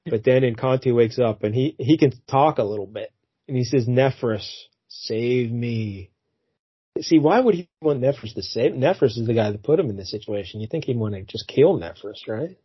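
A man's voice: medium pitch, expressive, brisk, husky, no room sound. A man co-hosting a podcast, casually recapping a comic book and putting on silly voices for the characters. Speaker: podcast co-host. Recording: dull lo-fi dry recording.

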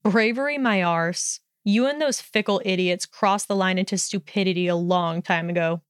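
A woman reading the part of a hostile young man, snide and contemptuous, with a smooth, dry voice. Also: fairly low pitch, normal speed, no room sound, lightly acted. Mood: snarling. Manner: snarling, contemptuous, swearing.

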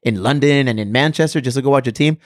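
A man's voice: medium pitch, quick pace, no echo. Socal dude in his 30s, swears a lot, storytelling on a podcast, dry close mic. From Southern California. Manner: animated, profane storytelling. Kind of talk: casual chat.

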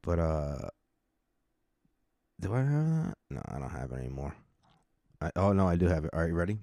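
A man with a deep, dark voice chats casually on his solo podcast, wandering between topics, swearing freely and cracking jokes at his own expense. The recording is dry and close. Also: sing-song, moderate pace, dry recording. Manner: rambling, profane, joking. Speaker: podcast host.

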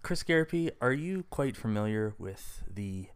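A man's voice: fairly low pitch, expressive, moderate pace, clean tone. A man co-hosting a casual podcast, teasing his guest as he runs a quiz game. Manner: playful quiz-master, teasing. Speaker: podcast co-host. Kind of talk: casual chat.

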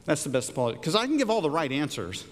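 A middle-aged man preaching a sermon, an animated storyteller who jumps up in pitch for quoted lines. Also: racing. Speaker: pastor. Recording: long hall reverb.

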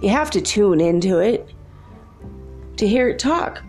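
A woman's voice: medium pitch, expressive, a little slow, a little mellow, faint music behind. A woman voicing her earnest husband, who wonders aloud whether everything can talk. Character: earnest, guilt-stricken husband.

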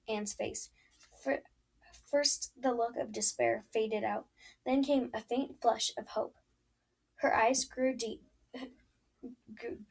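Female storybook narrator, husky and fairly high, amateur reading with stumbles. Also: rough recording. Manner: unpolished reading with frequent stumbles and restarts. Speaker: audiobook reader.

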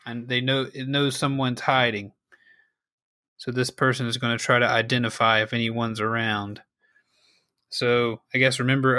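A man running a tabletop game, narrating combat in a loose, casual way. His voice is bright and forward, and the recording is dry with no room sound. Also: medium pitch, no echo. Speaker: game master.

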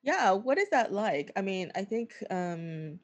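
A casual interviewer who asks things slowly and hesitantly. The pitch rises and falls freely, and the questions pause on fillers. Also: big pitch swings.

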